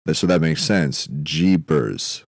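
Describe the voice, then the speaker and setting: A young man with a very deep, low voice drifts through a comedic podcast monologue, musing and doubling back on himself in a deadpan way. The sound is close and dry, with no room around it. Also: measured pace, no echo. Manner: meandering, self-interrupting, deadpan musing with frequent fillers. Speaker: podcast host.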